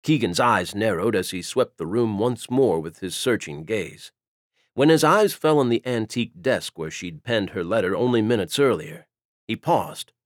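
This audiobook narrator's voice sits on the low side, and he tells the scripted story at normal speed in a steady, even way. The studio-quality audio has no room sound.

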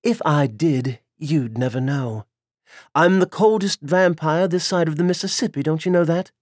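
A man's voice: on the high side, moderate pace, darkish tone, no echo, studio quality, voice pushed up, lightly acted. A man voicing a cold, defiant female vampire, centuries old, with a taunting, mocking manner.

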